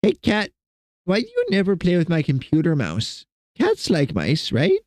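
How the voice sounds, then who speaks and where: A man's voice: high-pitched, wildly swooping pitch, normal speed, a little mellow, dry recording. A young man streaming from his computer desk at home, rambling and joking with his chat and talking to his cats. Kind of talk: casual live-stream chat.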